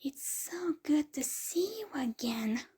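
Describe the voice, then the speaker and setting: A woman's voice: a little high, unhurried, a little mellow, heavily acted. A woman whispering the lines of a cheerful, teasing aunt in her fifties in a whispered role-play story reading. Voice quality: breathy whisper.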